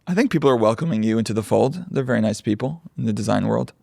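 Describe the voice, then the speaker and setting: A man's voice: lowish voice, fast talker, gravelly, mellow, no room sound, studio quality. A man co-hosting a podcast in casual comedic chat, riffing with wry jokey asides. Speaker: podcast co-host.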